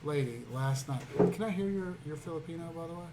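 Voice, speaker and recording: A man's voice: fairly high pitch, fast talker. A man co-hosting a podcast in casual chat, full of crude, teasing banter. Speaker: podcast co-host. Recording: noisy background.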